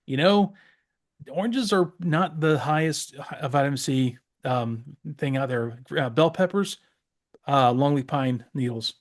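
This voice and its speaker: A man's voice: medium pitch, measured pace. A man from the Southeastern US co-hosting a casual podcast, rambling with many fillers and restarts. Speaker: podcast co-host. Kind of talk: casual chat.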